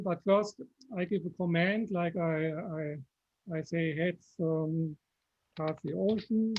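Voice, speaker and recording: A man with a German accent, patiently explaining software step by step on a video call. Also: sits high. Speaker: software presenter. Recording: dull lo-fi call audio.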